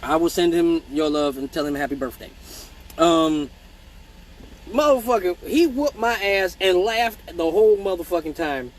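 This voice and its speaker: Animated, profane male storyteller. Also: a little high, moderate pace, slight background noise, low-quality recording. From Michigan. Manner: profane, animated, mimics voices in stories. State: hiccups. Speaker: live-stream host telling stories. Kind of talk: casual storytelling.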